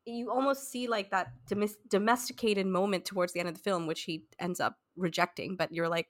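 A woman's voice: medium pitch, steady tone, a little fast, few pauses. A woman giving her views on a film in an earnest, rambling way, full of "like", in a casual discussion. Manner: earnest, rambling, many "like" fillers. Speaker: podcast panelist.

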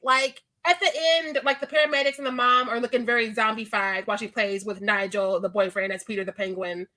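This woman's voice is a little high and sharp, with fairly even intonation and a slightly fast pace. Co-hosting a podcast in casual chat, she's playful, laughs often, and retells things dramatically.

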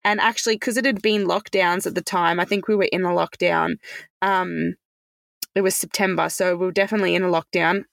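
A woman's voice: on the low side, steady tone, fairly quick, gravelly, no echo. A woman telling a personal story as a podcast guest, chatty and casual, with many fillers.

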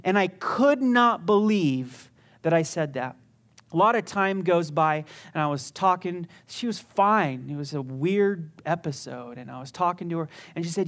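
Pastor, sermon, emphatic, repeated restarts, urgent then hushed. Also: mid-range voice, expressive, unhurried.

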